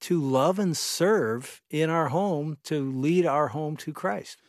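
Male pastor host, middle-aged, fairly high voice, dry close mic, affirming. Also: slow pace, no echo. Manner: affirming, conversational. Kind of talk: faith podcast conversation.

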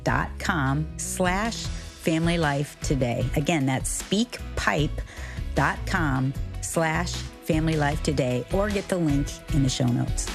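A woman's voice: low-pitched, slow. A woman hosting a radio program, inviting listeners to leave messages. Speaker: radio host. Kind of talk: scripted announcement. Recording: music bed under voice.

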